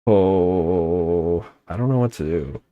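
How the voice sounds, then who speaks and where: A young man rambles and jokes his way through a game livestream, often breaking off mid-thought. His voice sits very low and his pace is slow and drawn out, with a close, dry sound. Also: no room sound, phone-quality sound. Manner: rambling, joking, self-interrupting. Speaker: streamer. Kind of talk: casual gaming livestream chat.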